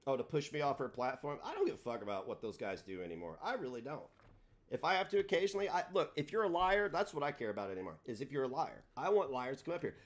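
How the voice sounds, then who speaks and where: A man hosting a livestream, ranting in a combative, profane way, his delivery swinging between loud and soft. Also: medium pitch, sing-song, fast. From United States. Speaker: livestream host.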